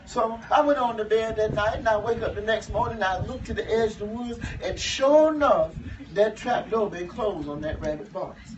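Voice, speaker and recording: A man's voice: sits high, expressive, normal speed. A man playing a folksy enslaved storyteller. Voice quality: dialect speech, humorous, chuckling asides. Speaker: living history performer. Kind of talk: first-person historical storytelling to a live audience. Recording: muffled, distant, noisy live recording.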